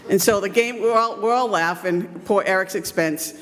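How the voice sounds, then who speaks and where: A woman's voice: mid-range voice, moderate pace, fairly bright tone. Chatty woman coach telling stories in a hall. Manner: chatty, self-deprecating, many ums. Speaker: youth baseball coach giving a speech. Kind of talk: storytelling speech at an event. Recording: long hall reverb.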